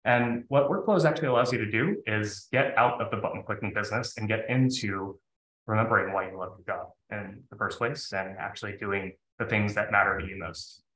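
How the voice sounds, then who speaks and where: Man, webinar host, lowish voice, bright tone, roomy echo, casual enthusiasm. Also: brisk. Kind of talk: hosting a live webinar. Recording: echoey room.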